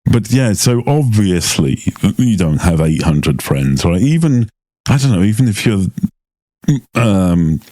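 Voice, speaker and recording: A middle-aged man co-hosting a podcast in easy chat. He has a very low voice and a slow, unhurried delivery, often searching for words along the way. The sound is dry and close to the mic. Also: big pitch swings, dark tone, no echo. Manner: unhurried, agreeable, gropes for words with fillers. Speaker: podcast co-host.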